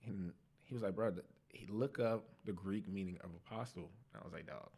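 A young man on a podcast, telling his life testimony in casual slang, animated and laughing at himself. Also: deep voice, brisk, gravelly, breathy edge. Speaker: podcast guest.

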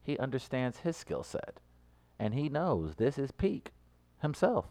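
A man co-hosting a casual talk show, playful and mock-grandiose, swinging between loud and soft. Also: mid-range voice, big pitch swings, a little slow. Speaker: co-host. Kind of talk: casual banter.

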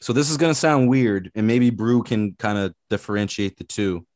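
A man's voice: fairly low pitch, normal speed, a little mellow, no room sound, studio quality. A man hosting a casual sports podcast, ranting hotly with swearing and repeated phrases. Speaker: podcast host.

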